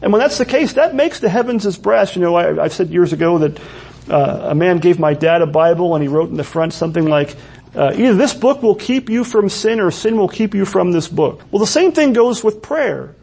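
A man's voice: high-pitched, expressive, fairly quick, creaky, a little mellow, slightly rough. A man preaching a sermon in a church, earnest and full of rhetorical questions. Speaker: pastor.

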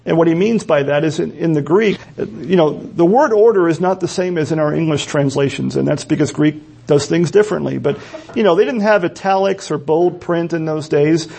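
A man's voice: fairly high pitch, moderate pace, gravelly, a little mellow, breathy edge. A man preaching a sermon in an earnest, emphatic way, often repeating key words for stress. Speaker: pastor.

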